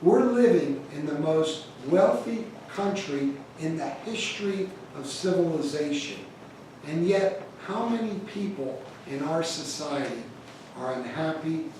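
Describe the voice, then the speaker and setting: A man's voice: a little high, noisy background. A middle-aged American man giving a conversational church talk on stewardship, telling personal stories with growing animation. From United States. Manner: conversational, storytelling, animated when telling anecdotes. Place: large church hall. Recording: echoey church hall from far off.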